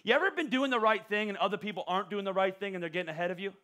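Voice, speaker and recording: A middle-aged man preaching a joking, animated sermon as pastor, often stammering and restarting his words. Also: sits high, rapid-fire. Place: church auditorium.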